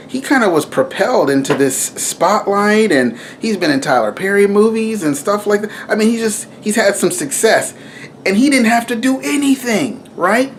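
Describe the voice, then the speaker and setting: A young man giving a casual spiritual talk to camera, rambling and animated, with frequent asides and self-corrections. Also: high-pitched, a little hiss or hum. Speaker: video preacher.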